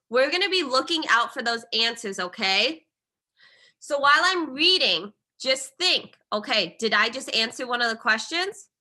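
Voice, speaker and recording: A woman teacher with a bright, fairly high voice leads a reading lesson. She repeats her instructions and checks in with the class again and again, keeping everyone on track.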